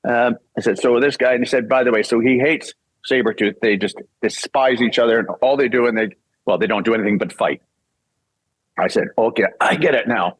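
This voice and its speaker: A man's voice: medium pitch, a little fast, no echo, rough recording. An older man from Canada, a voice actor and singer, telling a casual story and acting out the voices he quotes, laughing often.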